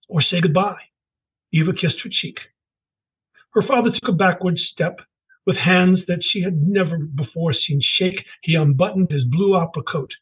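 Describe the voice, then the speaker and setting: A man, an author, reading the opening chapter of his novel aloud in a calm, measured voice. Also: high voice, husky. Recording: muffled phone-like call audio.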